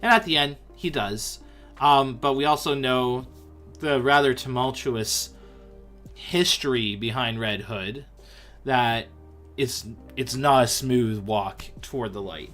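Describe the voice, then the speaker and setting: A man hosts a relaxed livestream and chats away at a mid pitch. He sounds lively and talks straight to his audience, with faint music playing quietly behind him. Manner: chatty and animated, addressing viewers directly. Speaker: host. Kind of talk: casual livestream chat about comics and scripture.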